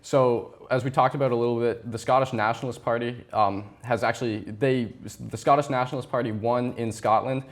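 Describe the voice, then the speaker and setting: A man's voice: mid-range voice, fairly even intonation, brisk, hardly any pauses. A teenage boy interviewing a teacher for a school TV show, polite and prompting. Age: teens. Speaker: student interviewer. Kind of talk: student TV interview.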